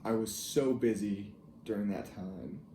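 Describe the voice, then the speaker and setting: Young man recounting a family memory; low, warm, hesitant delivery in a roomy space. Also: slight background noise. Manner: reflective, halting, with soft laughs. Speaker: grandson telling a family story. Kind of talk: casual personal storytelling. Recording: echoey room with faint ambience.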